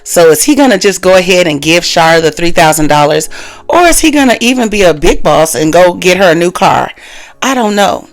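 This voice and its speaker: Recap host, chatty storytelling, mid-pitched voice, acts out quotes, sudden pitch jumps. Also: big pitch swings, a little fast. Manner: chatty, addresses viewers as cousins.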